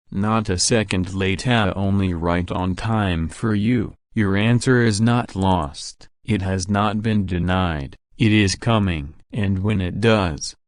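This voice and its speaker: This is God , voiced by a man addressing his child in a devotional narration. The delivery is slow, measured and reassuring, pitched fairly low. The sound is close and dry, with no room around it. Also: no echo. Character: God speaking to his child, calm and solemn.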